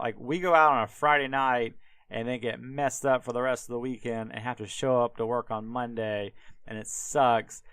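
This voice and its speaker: A man's voice: mid-range voice, a bit bright, clean tone, no room sound. A man hosting a podcast, retelling a Bible story in a casual, irreverent way with swearing and many fillers. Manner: irreverent, profane, heavy on fillers. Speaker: podcast host.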